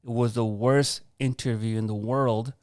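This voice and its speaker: A man, a podcast guest, telling a personal story in an earnest, animated way and acting out past conversations. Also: mid-range voice, moderate pace, dry recording, studio quality. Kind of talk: personal story in a casual interview.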